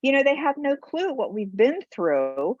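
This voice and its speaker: A woman's voice: sits high, big pitch swings, unhurried, darkish tone, dry recording. A middle-aged woman, a guest on a podcast, telling her own story with feeling and acting out other people's words as she goes. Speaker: guest, bereaved mother. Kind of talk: emotional personal storytelling. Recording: dull lo-fi podcast audio.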